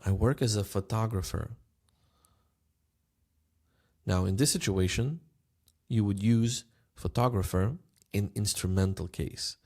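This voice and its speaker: Male language teacher, lowish gravelly voice, patient, repeats each phrase. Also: measured pace, long pauses, darkish tone. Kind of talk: language lesson.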